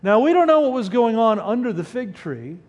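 A man preaching a sermon in a church, animated, firing rhetorical questions and breaking off mid-word. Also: very high-pitched, fairly quick, highs cut off. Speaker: pastor. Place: church sanctuary. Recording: reverberant hall.

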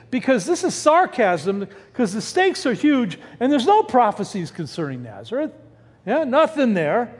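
A man preaching a sermon from the pulpit of a church, his voice pitched high and swinging widely as he fires off rhetorical questions. He often breaks off mid-word and restarts. His voice rings with a long hall reverb. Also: sing-song, measured pace. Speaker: pastor. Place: church sanctuary.

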